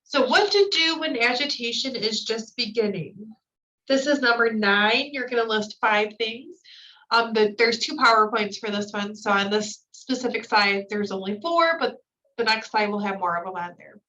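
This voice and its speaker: A woman's voice: fairly high pitch, moderate pace, pushed and bright, recorded from a distance, highs cut off. A woman trainer going through slides in a recorded training lecture, explaining each point with casual fillers.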